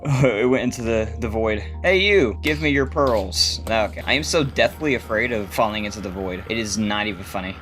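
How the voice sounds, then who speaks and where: A man giving playful gameplay commentary and narration as a gaming YouTuber, excitable and jokey, laughing often. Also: fairly low pitch, a little fast, few pauses, faint music behind.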